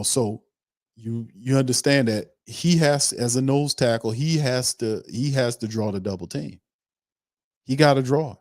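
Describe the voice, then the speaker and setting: A man's voice: medium pitch, a little mellow, no room sound, studio quality. A man hosting a football commentary show, talking emphatically and repeating himself, often tagging sentences with "man". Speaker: sports commentary host. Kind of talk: casual commentary on a played interview clip.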